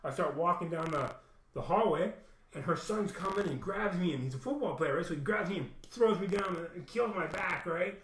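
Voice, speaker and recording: Guy rambling n swearing thru a story, kinda high voice, echoey room. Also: lively intonation, moderate pace, a bit bright, slight background noise. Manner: rambling, profane, keeps saying "man". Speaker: vlogger telling a personal story. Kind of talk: casual monologue.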